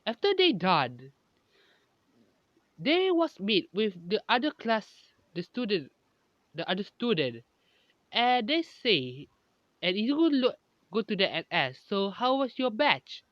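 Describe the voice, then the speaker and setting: A narrator improvising a fan story in halting, broken sentences, often restarting mid-phrase. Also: mid-range voice, wildly swooping pitch, no room sound, highs cut off.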